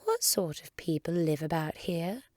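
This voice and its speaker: A woman's voice: animated, measured pace, no room sound, studio quality. A woman voicing a polite, curious young girl in a raised, earnest voice. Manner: high, bright, earnest.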